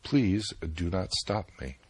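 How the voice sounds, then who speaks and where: A man voicing a cunning young enchantress who teases and then commands an old sage, in a slightly raised, husky voice. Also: low voice, very animated, slow pace, dry recording, exaggerated voice. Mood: coy.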